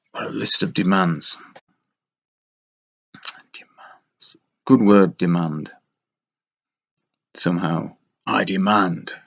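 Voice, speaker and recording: A man drifts through a casual, meandering monologue, wry and self-mocking. His voice sits low with a gravelly fry, and he takes his time over every thought. The recording is dull and lo-fi. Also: a little slow, a bit bright. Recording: dull lo-fi sound.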